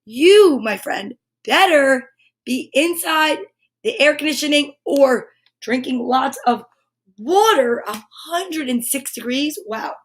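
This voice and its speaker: Hosting a morning livestream, a woman speaks slowly in a high, expressive voice. She keeps things upbeat and chatty, calling out viewers by name and exclaiming frequently.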